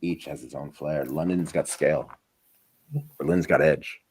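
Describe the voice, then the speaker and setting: A man with a very deep voice hosts a loose, casual podcast conversation. He talks in an animated way, jumping between loud bursts and low mumbles. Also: measured pace, husky, poor audio. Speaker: podcast host. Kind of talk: casual chat.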